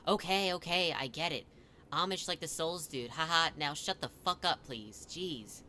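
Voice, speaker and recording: A man's voice: a little high, normal speed, pushed and bright, a little hiss or hum. A man voicing a laid-back male gamer who talks bluntly and curtly. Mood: irritated. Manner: blunt, curt.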